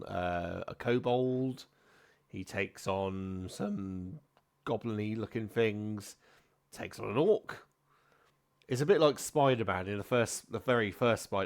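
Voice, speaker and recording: A man narrating as game master of a tabletop game, rambling with fillers and self-corrections. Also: fairly low pitch.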